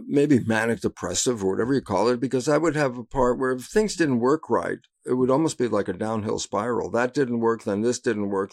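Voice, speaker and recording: Gravelly older man telling stories. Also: mid-range voice. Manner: animated storyteller who acts out voices and laughs at his own anecdotes. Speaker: guest. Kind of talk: casual interview storytelling.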